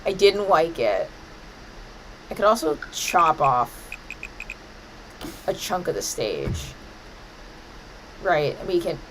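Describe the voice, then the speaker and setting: A woman's voice: lowish voice, very animated, slow, pauses often, rough recording. A woman chatting casually over her gameplay, playfully scolding the game with mock-dramatic outbursts. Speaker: gaming streamer.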